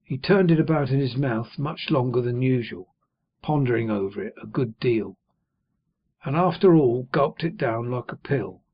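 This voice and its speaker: A man narrates a classic novel in a measured, even storytelling voice. His tone is husky and sits at a middle pitch. The recording sounds dull and lo-fi. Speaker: audiobook reader. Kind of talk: scripted narration.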